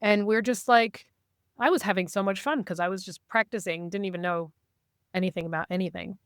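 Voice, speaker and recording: A woman guest in a casual interview, telling stories in a lively way and acting out what people said. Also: mid-range voice, a little fast, smooth, dry recording, clean studio sound. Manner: lively, acts out quoted dialogue. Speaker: podcast guest, intuitive reader.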